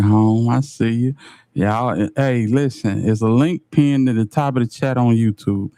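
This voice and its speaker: A man's voice: mid-range voice, unhurried, dark tone, dry recording. A man hosting a livestream, talking to his chat in a laid-back way. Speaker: livestream host.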